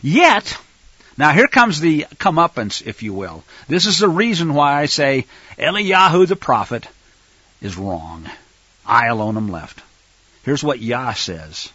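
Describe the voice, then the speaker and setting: Animated, emphatic male Bible teacher. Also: mid-range voice, a little slow, husky, no echo, lo-fi sound. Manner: animated and emphatic, swinging from loud stresses to near-murmurs. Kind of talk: teaching sermon with scripture reading.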